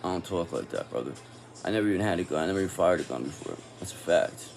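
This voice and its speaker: A man's voice: low voice, lively intonation, very fast, a little mellow, faint music behind. A man giving a casual tarot reading, talking in an angry, profane and confrontational way. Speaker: tarot reader.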